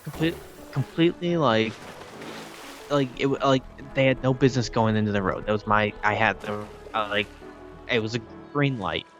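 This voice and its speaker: Halting, rambling man telling a story. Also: fairly low pitch, a bit bright, soft background music. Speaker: co-host. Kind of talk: casual gaming chat.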